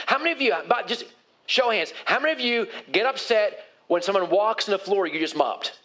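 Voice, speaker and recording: A man's voice: high-pitched, expressive, a little fast, sharp tone. A male pastor preaching a sermon in a conversational way, putting questions to his congregation.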